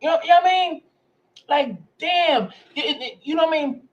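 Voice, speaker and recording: A man's voice: very high-pitched, moderate pace, lo-fi sound. A man hosting a casual livestream, rambling and profane, repeating himself as he pleads with viewers. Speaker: livestream host.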